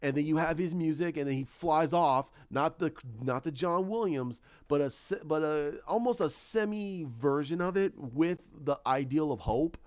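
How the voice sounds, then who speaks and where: A man's voice: on the high side, moderate pace, hardly any pauses, smooth. A man casually retelling his own movie idea, rambling with many restarts and fillers. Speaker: fan pitching a movie idea. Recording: dull lo-fi recording.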